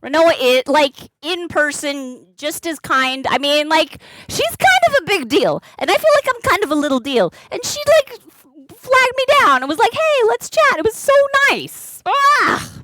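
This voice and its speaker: Lively high-voiced woman streamer chatting. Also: normal speed, no room sound. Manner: chatty, greets and thanks viewers by name; rambling with many fillers and restarts. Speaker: live streamer and balloon artist. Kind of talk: casual live-stream chat while crafting.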